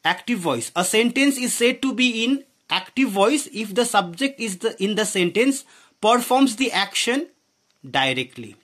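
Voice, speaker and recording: A man's voice: high-pitched, animated, a little slow, fairly bright tone. A man teaching a grammar lesson, asking the class questions and saying "okay" often. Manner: explains with frequent questions and "okay", voice drops at phrase ends.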